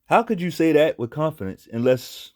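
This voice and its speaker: A man's voice: fairly high pitch, big pitch swings, moderate pace, a little mellow. A man hosting a casual commentary show, speaking bluntly and profanely and repeating himself for emphasis. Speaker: commentary channel host.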